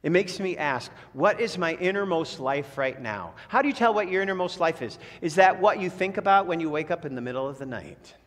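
A man preaching a sermon as pastor. He rises in pitch and force on key phrases and drops low to close his thoughts. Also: expressive, fairly quick, hardly any pauses, fairly bright tone. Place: church sanctuary. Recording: long church reverb.

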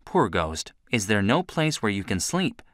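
A man voicing a kind, brave young girl who speaks earnestly and gently. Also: lowish voice, very animated, unhurried, no echo, clean studio sound. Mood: gentle, pitying.

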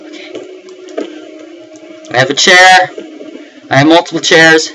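A man's voice: on the high side, a little slow, bright, forceful tone, faint music behind, low-quality recording. Jumpy young man playing a horror game. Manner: jumpy, nervous running commentary, yelps and repeated panicked words. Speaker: let's play gamer.

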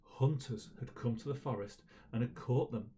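A man's voice: mid-range voice, normal speed, warm tone, a little hiss or hum. A man leading a school assembly, reading a children's story aloud and encouraging the children afterwards.

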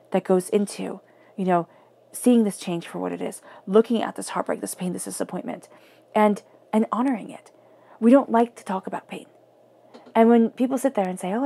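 A woman giving an earnest tarot reading, often dropping her voice to a soft near-whisper for emphasis. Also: medium pitch, creaky, slightly rough. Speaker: tarot reader.

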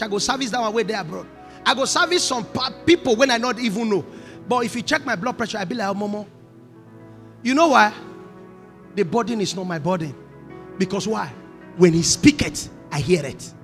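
A man with a Nigerian accent preaching in a large church, moving between Pidgin asides and shouted prophecy. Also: high-pitched, long reverb tail. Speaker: pastor. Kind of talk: sermon.

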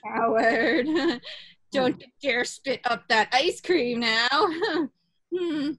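A woman's voice: high voice, very slow, a bit bright, heavily acted. A woman in a sketch comedy parody, playing a gushing big-cat sanctuary owner with a bubbly, singsong voice.

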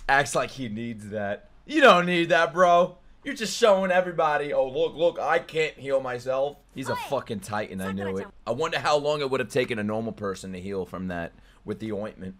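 A young man streaming anime reactions from his room, excitable and profane, often breaking into laughter. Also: mid-range voice, a little fast. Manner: excitable, swears a lot, bursts into laughter. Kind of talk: casual reaction commentary.

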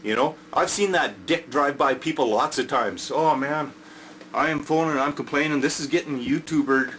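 An older Canadian man venting in an angry rant to camera, swearing heavily, yelling and repeating himself. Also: on the high side, moderate pace, a little hiss or hum. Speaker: vlogger.

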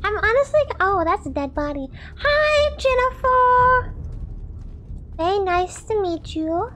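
Very high-voiced woman yelling at a game. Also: animated, normal speed, a little hiss or hum. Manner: loud, exclamatory, swears and jokes at the game. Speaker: gaming streamer. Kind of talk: let's play commentary.

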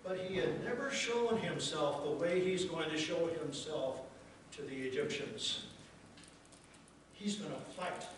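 A man's voice: fairly high pitch, unhurried. A male pastor delivering a sermon, asking the congregation rhetorical questions and acting out quoted lines. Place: church sanctuary. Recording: echoey church from a distance with noise.

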